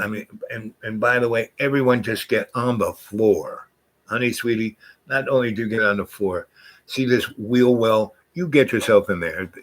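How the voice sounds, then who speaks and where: An older man with a fairly low, voice spins a long tale in a loose, rambling way. He jumps between thoughts and now and then slips into the voices of the people in his story. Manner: rambling, animated, acts out voices in quotes. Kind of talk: casual spoken storytelling.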